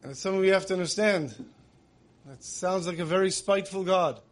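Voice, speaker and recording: A man's voice: high voice, brisk. A man giving a conversational sermon, asking rhetorical questions and weaving in many Hebrew terms. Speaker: religious speaker.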